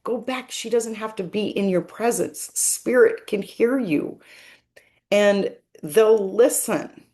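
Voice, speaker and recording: A woman working as a spiritual medium, gently and earnestly explaining a message in a reflective monologue. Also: medium pitch, takes it slowly.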